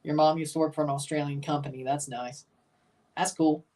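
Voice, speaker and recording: A man's voice: fairly high pitch, little pitch movement, a little fast, warm tone, far from the mic. Offhand man reacting on a livestream. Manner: offhand, muttering asides, swears casually. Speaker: livestream host. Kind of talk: casual live reaction commentary.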